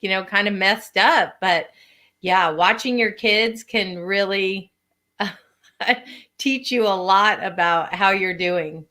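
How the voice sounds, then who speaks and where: A woman's voice: medium pitch, slow pace, pushed and bright. A woman co-hosting a casual podcast, agreeable and chatty, laughing between thoughts. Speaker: podcast co-host. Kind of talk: casual chat.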